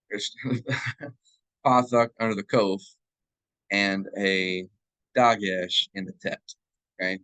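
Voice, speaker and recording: A man's voice: on the low side, a bit bright, dry recording, low-quality recording. A man teaching a church Hebrew class, drilling verb forms aloud and checking in with his students as he goes. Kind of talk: classroom grammar lecture. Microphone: live class recording.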